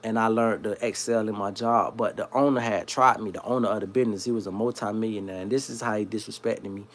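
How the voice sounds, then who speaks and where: A man from South Florida who hosts a livestream, telling a long story in a slangy, rambling, animated way. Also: fairly low pitch, quick pace. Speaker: livestream host. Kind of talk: casual storytelling.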